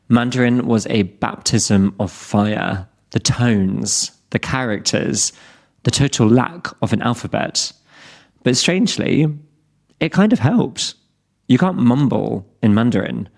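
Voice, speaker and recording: A British man in his thirties speaks in a low voice as the host of an English-learning podcast. His talk is scripted but candid, with self-deprecating humour and steady encouragement for learners. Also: vocal fry.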